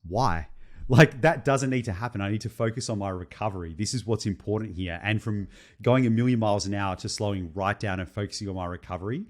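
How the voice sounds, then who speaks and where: A young man co-hosting a podcast, telling a story in an animated, profane, casual way. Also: on the low side, quick pace. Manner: animated, swears freely, tells stories. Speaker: podcast co-host.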